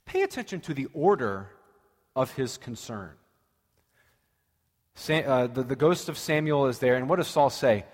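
A male preacher giving a sermon, retelling a story with animated, dramatic quotes. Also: mid-range voice, measured pace, pauses often, long reverb tail.

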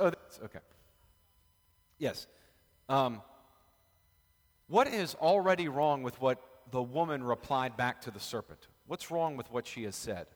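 Joking pastor in a reverberant hall. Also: male voice, medium pitch, expressive, measured pace, long pauses. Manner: chatty, joking, talks with the group. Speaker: pastor leading a Bible study. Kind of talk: casual Bible study teaching. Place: church room with a live group. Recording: long reverb of a large room.

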